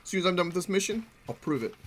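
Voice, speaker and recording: A young man chats playfully with his viewers while he plays, his voice pitched high and ringing bright. He swings up and down all the time in an animated way. A faint hiss sits under the recording. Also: rapid-fire. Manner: playful, excitable, laughs often, answers chat. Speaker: gaming streamer. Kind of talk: casual gameplay commentary.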